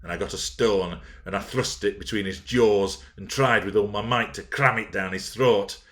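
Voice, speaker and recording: A man narrating a classic novel in a measured, expressive storytelling manner. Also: on the low side. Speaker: audiobook narrator. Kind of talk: dramatic novel reading.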